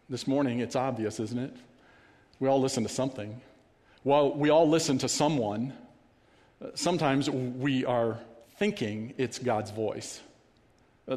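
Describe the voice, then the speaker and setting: A man's voice: mid-range voice, darkish tone. A man delivering a sermon as pastor, earnest and repeating key phrases for emphasis, in a church sanctuary. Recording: long hall reverb.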